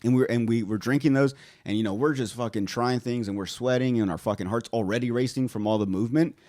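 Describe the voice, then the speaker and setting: A man's voice: medium pitch, quick pace, mellow. A young man casually telling a rambling, profane story on a podcast, laughing as he goes. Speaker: podcast host.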